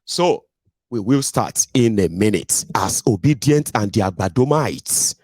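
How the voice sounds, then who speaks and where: A man's voice: fairly low pitch, expressive, a little slow, a little mellow, no echo. Blunt Nigerian man hosting his podcast. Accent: Nigerian English. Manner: digressive, blunt, peppered with pidgin tag questions. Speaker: podcast host. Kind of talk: casual ranting monologue.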